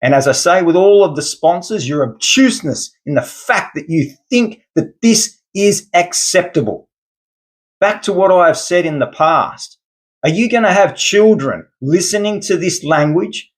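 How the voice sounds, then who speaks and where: A man's voice: high-pitched, animated, a little slow. A man delivering an angry, lecturing monologue rant as a podcast host. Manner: indignant, lecturing, formal words.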